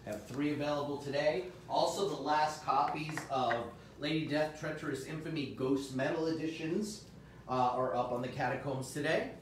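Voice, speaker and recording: A man hosting a comic book sales livestream, with upbeat salesman patter and sudden loud shout-outs. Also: mid-range voice, a little hiss or hum. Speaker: host of a comic shop livestream. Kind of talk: live sales stream chat. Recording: echoey room, mic far off.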